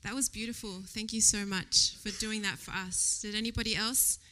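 A woman speaks to a church congregation in a casual sermon, with a bright, ringing tone. She talks in a chatty, animated way, laughs often and lowers her voice to a whisper when she quotes her own thoughts. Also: normal speed. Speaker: lay preacher. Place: church service before a congregation.

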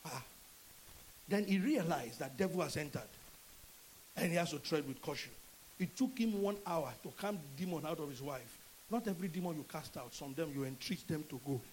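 High-voiced Nigerian pastor preaching. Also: male voice, moderate pace, slight background noise, poor audio. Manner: animated preaching, acts out dialogue in changing voices. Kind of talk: sermon.

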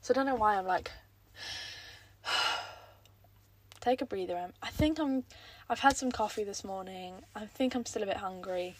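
A woman's voice: medium pitch, normal speed, long pauses, a little hiss or hum. Chatty young woman, rambling casually. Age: young adult. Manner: chatty, rambling, self-mocking. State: croaky throat; a bit out of breath. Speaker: podcast host. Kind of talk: casual solo chat.

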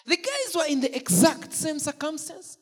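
A preacher delivering an animated sermon, asking questions and joking with the congregation. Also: sits high, normal speed. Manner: animated, asks the congregation questions, jokes and laughs. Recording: long church-hall reverb.

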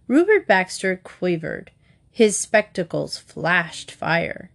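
Wry, expressive woman narrating a comic novel. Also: mid-range voice, measured pace.

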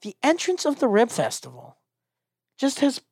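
A man's voice: extremely high pitch, moderate pace, breathy edge, dry recording, clean studio sound. Man telling a comic road story. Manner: animated, acts out quoted voices. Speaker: stand-up comedian guest. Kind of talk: casual storytelling.

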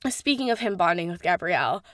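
A woman's voice: on the low side, fairly quick, dry recording, clean studio sound. A young woman reviewing a series in a casual, gushing way, full of "like" and the odd swear word. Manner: gushing, animated, heavy use of "like", swears casually. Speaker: show reviewer.

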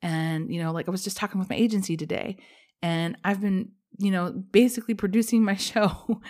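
A woman's voice: medium pitch, steady tone, fairly quick, a little mellow. A pregnant woman hosting her own podcast, talking candidly and rambling, with casual swearing, in a personal monologue. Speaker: podcast host.

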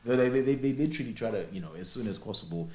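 A young man, chatting casually and telling animated stories with frequent laughs and restarts. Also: mid-range voice, rapid-fire. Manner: animated storyteller, laughs often, many restarts. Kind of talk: casual chat.

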